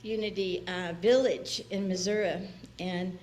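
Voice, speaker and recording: A lowish, darkish female voice, steady and unhurried, belongs to a guest minister preaching in a church sanctuary. Her sermon is chatty and personal, with plenty of laughter and imitations of the people she quotes.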